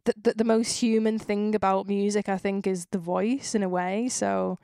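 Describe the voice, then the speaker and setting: A chatty young woman with a Northwest English accent hosts a relaxed interview, wandering through her questions and dropping the odd swear word. Her voice sits at a middling pitch and sounds close and dry, with little room around it. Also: moderate pace, creaky, no room sound. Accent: Northwest England, Cheshire. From England. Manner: chatty, rambling, swears casually. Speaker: podcast host. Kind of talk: casual interview chat.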